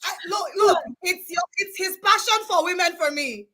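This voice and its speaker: A woman hosts a live online conference with a high, bright voice. She gushes and exclaims, often rising close to a shout as she cheers on her audience. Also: normal speed, low-quality recording. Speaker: event host.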